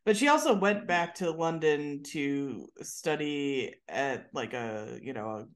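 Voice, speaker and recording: A woman hosting a podcast, recapping a TV episode in casual, animated storytelling. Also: low-pitched, measured pace. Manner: animated storytelling, laughs often. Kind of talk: casual chat.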